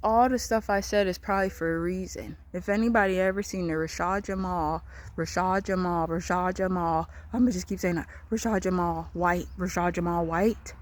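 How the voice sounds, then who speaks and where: A woman's voice: on the low side, fairly even intonation, moderate pace. A woman vlogging in a rambling monologue, repeating herself and swearing as her thoughts wander. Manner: rambling, repetitive, profane, loose trains of thought.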